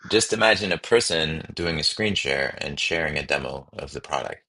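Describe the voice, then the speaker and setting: A man hosting a casual coding livestream, thinking aloud with sudden excited bursts. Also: extremely low pitch, normal speed. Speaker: livestream host.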